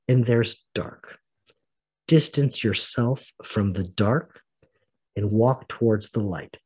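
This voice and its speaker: A man's voice: mid-range voice, slightly rough, poor audio. A man teaching the Bible in a recorded live online session, telling stories with energy and acting out the people he quotes. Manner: animated storytelling, acts out the people he quotes.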